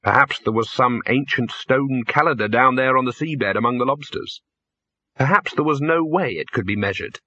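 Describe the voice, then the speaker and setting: Here a male narrator performs an audiobook, bringing energy and expression to it and voicing distinct characters. He speaks at a medium pitch and steady, moderate speed; the sound lacks any room reverb, though it comes across a bit dull.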